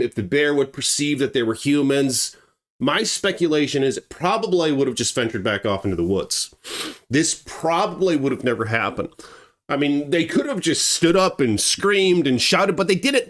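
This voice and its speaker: A man telling a true story in a casual, animated way, swearing and acting out the scenes. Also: on the high side, normal speed.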